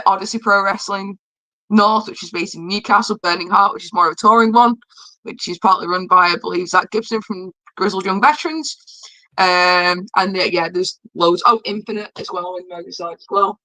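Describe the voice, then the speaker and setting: A woman's voice: mid-range voice, fairly even intonation, moderate pace, sharp tone, no room sound, poor audio. A woman, a podcast guest chatting casually over a remote call, friendly and laughing easily. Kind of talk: casual chat. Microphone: remote call mic.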